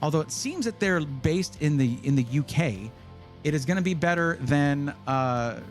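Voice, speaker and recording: Excitable male streamer, high voice, hoarse, faint music underneath. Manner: excited, reads names in rapid bursts. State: voice going hoarse. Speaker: livestream host. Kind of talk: live stream chat.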